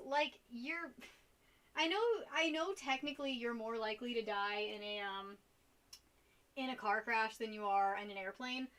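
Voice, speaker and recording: A woman's voice: on the high side, bright, forceful tone. A young woman chatting casually on a live stream while she paints, rambling and giggling between topics. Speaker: art streamer.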